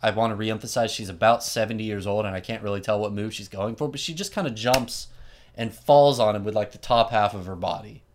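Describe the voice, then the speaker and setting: A man hosting a podcast, telling a story in an animated, wry, casual way and laughing often. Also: lowish voice, fairly quick, a little hiss or hum. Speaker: podcast host.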